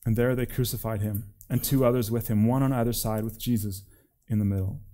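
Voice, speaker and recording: A man, a preacher, reading scripture aloud in an expressive, deliberate way. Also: medium pitch.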